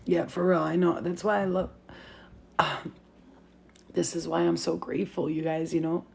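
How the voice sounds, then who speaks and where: Woman, 30s, vlogger; husky voice, loose slangy storytelling full of swearing. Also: lowish voice, a little slow. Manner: animated, slangy, swears freely. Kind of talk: casual storytelling to camera.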